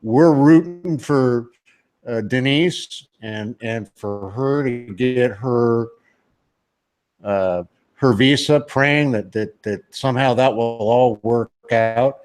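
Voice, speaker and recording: A male talk show host wrapping up an interview, with halting, stammering, friendly speech. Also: medium pitch, a little mellow. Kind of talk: casual radio interview.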